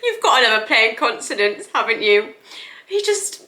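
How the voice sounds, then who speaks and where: A woman's voice: a little high, very animated, normal speed, roomy sound, heavy background noise. A woman hosting a reaction video, chatting casually and filling with "you know".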